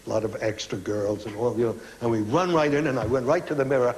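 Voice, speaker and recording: Older male guest, animated storyteller, chat show studio with faint background noise. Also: medium pitch, quick pace. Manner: animated storyteller acting out quotes. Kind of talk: anecdotal chat show interview.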